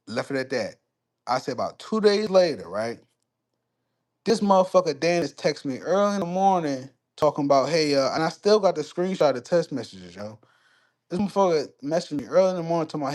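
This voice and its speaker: A man's voice: on the high side, expressive, a little mellow. A man on a live stream casually telling a story and answering chat, swearing freely and getting heated. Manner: profane, heated when retelling conflicts, quick asides to chat.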